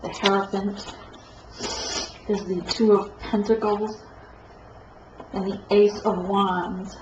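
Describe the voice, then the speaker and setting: Woman tarot reader, congested, meandering and flat, echoey lo-fi room. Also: mid-range voice. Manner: meandering, halting, self-correcting. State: stuffed-up nose. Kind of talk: tarot reading monologue. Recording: echoey room, dull lo-fi sound, faint noise.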